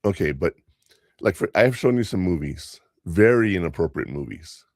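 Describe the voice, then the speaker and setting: Brief: older male comic host, gravelly low voice, rambling anecdotes. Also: expressive, no echo, clean studio sound. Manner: rambling storyteller, quick asides. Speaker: podcast host and stand-up comedian. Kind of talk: casual podcast chat.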